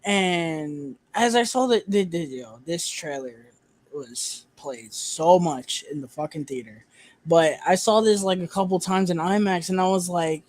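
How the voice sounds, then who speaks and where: A man's voice: high-pitched, measured pace, darkish tone. A young man hosting a casual movie review chat, talking loosely with fillers and swearing.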